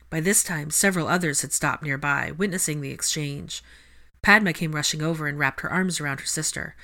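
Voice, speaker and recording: A woman narrating a fan fiction chapter in a steady, measured storytelling manner. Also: low-pitched. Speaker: audiobook reader.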